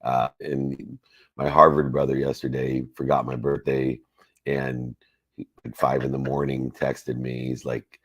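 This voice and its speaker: Very deep-voiced motivational man in his 50s. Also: little pitch movement, a little slow, no echo. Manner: warm, effusive, motivational. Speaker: coach and host. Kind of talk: live Q&A talk on a call.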